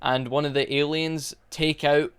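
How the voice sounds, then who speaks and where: Smooth-voiced young man ranting about a movie. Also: fairly high pitch, level tone, measured pace, a bit bright. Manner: exasperated, mocking, loosely rambling with fillers. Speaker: movie reviewer. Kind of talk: casual movie review rant.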